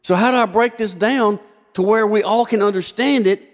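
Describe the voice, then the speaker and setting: A man's voice: sits high, moderate pace. A man preaching a sermon as pastor, asking rhetorical questions and shifting his emphasis often. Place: church sanctuary. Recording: long hall reverb.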